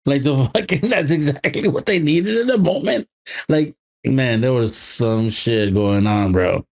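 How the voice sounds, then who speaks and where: A man's voice: mid-range voice, animated, unhurried, gravelly, darkish tone, breathy edge. A man co-hosting a podcast, chiming in laid-back and agreeing during a casual movie review, swearing freely. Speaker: podcast co-host.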